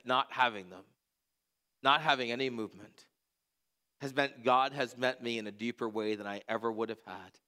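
Bright-voiced pastor telling stories in a sermon. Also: male voice, medium pitch. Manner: earnest, drops to a hushed voice at emotional moments. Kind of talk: sermon storytelling. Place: church.

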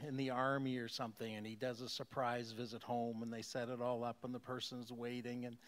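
A man preaching a sermon as a pastor, animated, chuckling often and asking rhetorical questions. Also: mid-range voice.

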